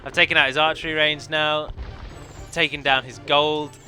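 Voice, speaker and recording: Chatty and analytical, a man commentates his multiplayer strategy match as a let's play, often catching and correcting himself mid-sentence. His slightly high voice holds a level tone at a moderate pace, sounding pushed and bright.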